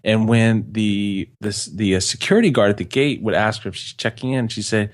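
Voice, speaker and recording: Guy rambling on a podcast, kinda low voice, super dry close mic, lots of ums and restarts. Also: fairly even intonation, normal speed, dry recording. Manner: rambling, many fillers and restarts, laughs easily. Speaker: podcast co-host. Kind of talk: casual podcast chat.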